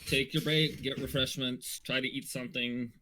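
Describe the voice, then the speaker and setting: Bright-voiced man running the table. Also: medium pitch, fairly even intonation, moderate pace, slight background noise, low-quality recording. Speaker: game master. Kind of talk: casual chat running a tabletop game.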